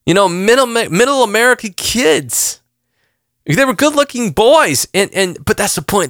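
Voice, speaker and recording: A man in his forties preaches with earnest intensity, circling back on phrases and pressing his questions. His voice sits a little high and rings with a tense, forceful brightness. The sound is dry and close. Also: lively intonation, unhurried, no echo. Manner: earnest, repeats himself, rising emphasis on questions. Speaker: pastor. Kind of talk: impassioned sermon.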